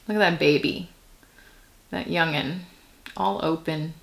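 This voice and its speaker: A woman giving a casual tarot reading to camera, musing and meandering, with soft whispered asides. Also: low-pitched, steady tone, a little slow, creaky, long pauses. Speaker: tarot reader.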